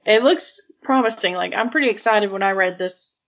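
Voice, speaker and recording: A woman's voice: mid-range voice, moderate pace, lo-fi sound. A woman co-hosting a casual podcast who laughs easily and makes wry comments. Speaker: podcast co-host. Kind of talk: casual chat.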